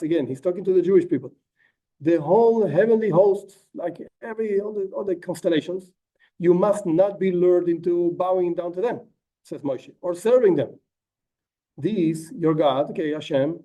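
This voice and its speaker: Rabbi teaching a text, lively asides; high, mellow voice, mic set back. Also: male voice, far from the mic, muffled recording. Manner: animated, acts out quotes, frequent asides like "whatever". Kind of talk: informal text lesson.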